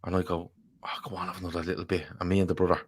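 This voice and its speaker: A man with a fairly low voice, talking in a loose, rambling way. He swears freely and jokes his way through viewer comments. It is casual podcast chat between co-hosts. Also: monotone, rapid-fire. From Ireland.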